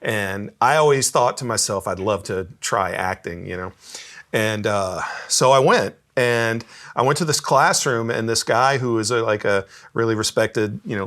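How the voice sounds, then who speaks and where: A man's voice: lowish voice, fairly bright tone. A man telling stories in a casual interview, easygoing, laughing often and repeating words as he starts sentences. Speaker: guest musician.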